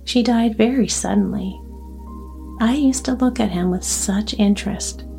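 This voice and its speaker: A woman voicing a talkative, nervous old grandmother on a train, in a soft, mellow voice over quiet music. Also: mid-range voice, a little slow, gravelly. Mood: musing. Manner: talkative, fretful, trusting.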